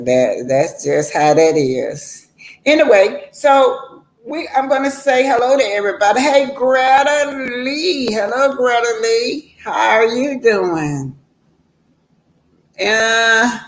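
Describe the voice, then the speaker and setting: An older woman hosting a livestream, telling a personal story in a rambling, homespun way and often calling her viewers "y'all". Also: a little high. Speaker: livestream host. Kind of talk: casual storytelling to a live chat.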